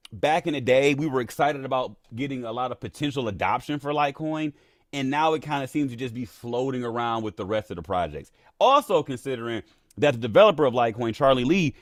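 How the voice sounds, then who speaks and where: A man in his thirties hosting a casual livestream, animated, laughing often and reading chat aloud. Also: mid-range voice, no echo, clean studio sound. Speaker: livestream host.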